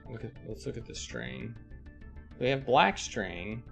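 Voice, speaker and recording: A man's voice: medium pitch, big pitch swings, measured pace, gravelly. A man streaming a live text adventure, thinking aloud, reading the game text and greeting his chat. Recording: faint music behind.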